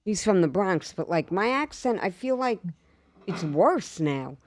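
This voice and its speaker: A woman's voice: mid-range voice, big pitch swings, measured pace, a little mellow. A woman from Long Island with a thick New York accent, hosting a podcast and telling stories in an emphatic, chatty way. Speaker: podcast host. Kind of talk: casual podcast chat. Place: podcast studio.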